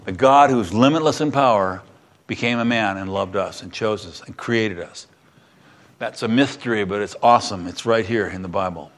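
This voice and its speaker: A man preaching a sermon, retelling a Bible story with animated storytelling and acted-out voices. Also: lowish voice, moderate pace. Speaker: pastor.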